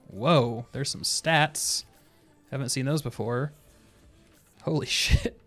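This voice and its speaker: Soft music plays behind this young streamer as he talks through a video game in a medium-pitched, slightly bright voice. He speaks slowly and pauses often, keeping things laid-back with frequent chuckles and meandering tangents.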